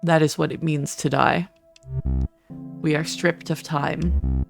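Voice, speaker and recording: A streamer putting on a mournful male ghost who speaks slowly and softly, lingering on every dark phrase. The voice has a gravelly edge, and soft synth music plays underneath. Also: medium pitch, fairly even intonation. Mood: solemn. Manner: slow, hushed, dramatic pauses. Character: gloomy murdered male ghost, solemn and slow.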